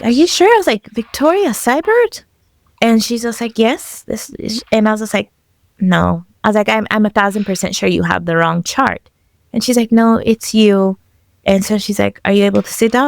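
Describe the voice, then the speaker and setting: A woman of middle pitch tells a hard personal story with emotion. She lively acts out each exchange of dialogue. The recording is close and dry. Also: vocal fry, no echo. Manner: animated, acts out dialogue in quotes. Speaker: podcast guest.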